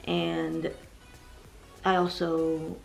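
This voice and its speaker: A woman's voice: low voice, completely flat delivery, drawn-out words, vocal fry, a little mellow, faint music behind. A heavily pregnant young woman vlogging to her viewers, talking in an emotional, rambling way and growing tearful at times. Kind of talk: personal vlog confession.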